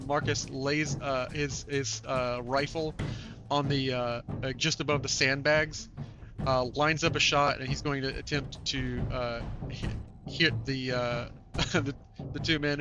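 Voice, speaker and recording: A man narrating a tabletop game as game master, with a halting delivery full of filler sounds. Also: mid-range voice. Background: music.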